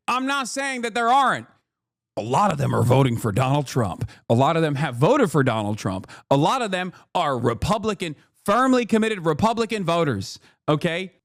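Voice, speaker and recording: High-pitched, fired-up streamer man. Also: no room sound, clean studio sound. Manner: animated, ranting, swears, mock voices. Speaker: streamer reacting to news clips. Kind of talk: heated casual commentary.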